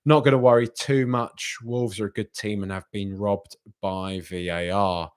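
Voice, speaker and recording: A young man hosting a live football reaction stream and reading out viewer comments in a chatty, animated way, often repeating himself. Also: lowish voice, measured pace, clean tone. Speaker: football podcast host.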